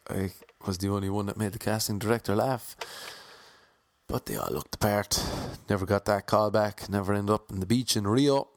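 A young Irish man with a low-pitched voice tells comic stories about his auditions, wry and self-deprecating. He drops into quick voices for the people he quotes. The recording is dry and close, with almost no room sound. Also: dry recording. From Ireland. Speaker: aspiring comedic actor. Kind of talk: casual comic storytelling.

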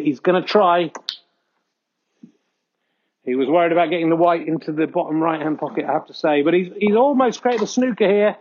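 A man hosting a comedy podcast, giving mock-earnest snooker commentary with frequent excited exclamations. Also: sits high, lo-fi sound. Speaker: host doing mock sports commentary.

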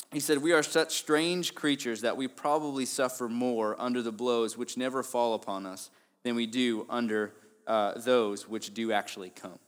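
Earnest young man preaching in a reverberant church. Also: mid-range voice. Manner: earnest, swings from soft to emphatic. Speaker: pastor. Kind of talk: sermon. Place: church sanctuary. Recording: long church hall reverb.

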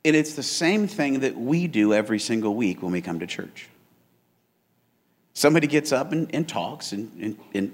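In a church auditorium, a male pastor preaches with energy and humor, whooping excitedly and stumbling into restarts. His voice is medium in pitch.

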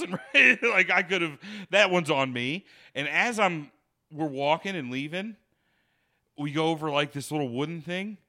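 A man spins a comic story for his friends, voicing every quote and laughing along as he goes. His voice is bright and sits fairly high. He swears freely and keeps it animated. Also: moderate pace. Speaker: podcast host telling a story.

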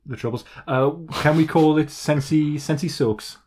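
A man's voice: fairly high pitch, moderate pace, darkish tone. A man co-hosting a retro gaming podcast, casual and teasing, laughing often at his partner's jokes. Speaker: podcast co-host.

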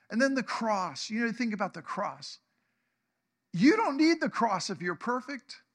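A man's voice: high-pitched, a bit bright. A man preaching a sermon in an emphatic, exclamatory way, often repeating phrases. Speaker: pastor.

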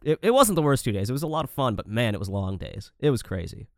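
A man co-hosting a podcast in casual chat, animated and profane, acting out quotes as he talks about directing. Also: mid-range voice, fast talker, vocal fry, no echo, clean studio sound. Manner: animated, swears a lot, acts out quotes.

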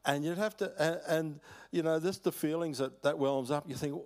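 An older Australian man preaching a sermon, telling stories in a folksy way with chuckles and halting restarts. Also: on the high side. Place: church hall.

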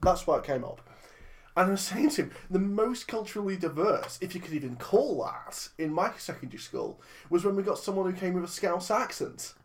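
A man's voice: sits high, lively intonation, a little fast. A man with a slightly raised voice chats casually about films as a podcast co-host. He rambles, corrects himself partway through and laughs easily. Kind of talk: casual film review chat. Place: lives in Liverpool, not local accent.

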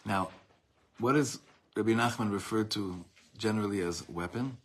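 A man's voice: fairly low pitch, normal speed. A man, a rabbi, giving an impassioned lesson, mixing Hebrew phrases into his English and swelling in volume at dramatic peaks. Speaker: rabbi teaching a class.

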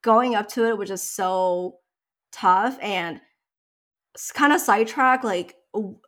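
A woman's voice: medium pitch, takes it slowly, fairly bright tone. Chatty young woman telling a story. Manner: chatty, emotional, tearful at times. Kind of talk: casual chat.

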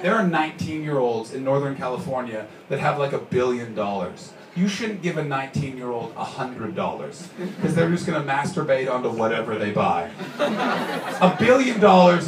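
A stand-up comedian from Canada tells a story on a club stage, now and then shouting out the lines of the people in it. His voice comes from some distance in a roomy live space. Plenty of noise sits behind him. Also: a little high, expressive, moderate pace. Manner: storytelling, acts out characters with shouted bits.

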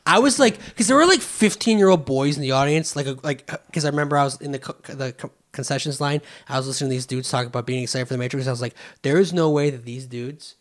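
A man's voice: medium pitch, racing, hardly any pauses. A man chatting casually with friends, rambling with many restarts and fillers. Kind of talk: casual chat.

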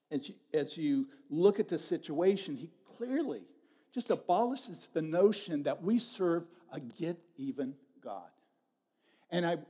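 A man's voice: a little high, warm tone. A middle-aged man preaching a sermon as pastor, telling stories in a conversational way and repeating his phrases.

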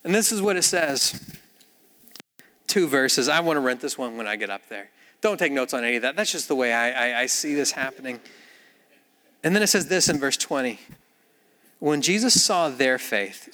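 A man delivers a sermon in a church, acting out the voices in his story with animated energy. His voice sits high and bright, and a long hall reverb trails behind it. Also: moderate pace, long pauses. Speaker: pastor.

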